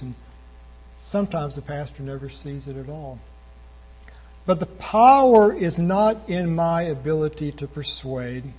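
A man delivering a sermon from the pulpit, his voice a little husky and pitched somewhat high. He preaches with passion, climbing to loud, emphatic peaks before easing back down. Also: rough recording. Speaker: pastor.

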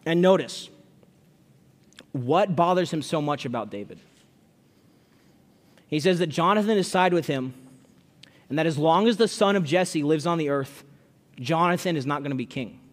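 A man preaches an expository sermon, reading scripture aloud and explaining it conversationally, often repeating his words. His voice is a little high, at normal speed with frequent pauses. The recording carries a long hall reverb.

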